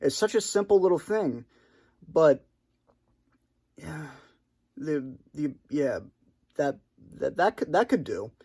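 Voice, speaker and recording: His voice is on the high side, a little mellow and slightly rough, animated yet slow, with frequent pauses. Alone on camera for his channel and unscripted, the creator hesitates, rambles, restarts again and again, and feels awkward about it.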